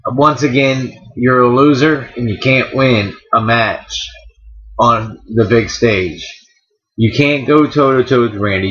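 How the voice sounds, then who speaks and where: A man's voice: medium pitch, a bit bright, lo-fi sound. A man casually reviewing a wrestling show with a co-host, trash-talking and laughing. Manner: laid-back, trash-talking, laughs often.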